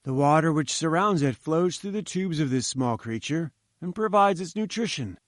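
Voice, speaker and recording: A man's voice: on the high side, expressive, moderate pace, no echo, clean studio sound, natural voice. A man reading the lines of a pompous, condescending male professor who lectures in a lofty, patronizing manner. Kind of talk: audiobook character voice.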